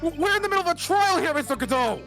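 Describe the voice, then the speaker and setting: A man's voice: very high voice, big pitch swings, racing, vocal fry, sharp tone, long reverb tail, faint music behind, voice pushed up, full character voice. Man doing a flustered old judge. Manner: exclaiming, easily flustered. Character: flustered elderly male judge.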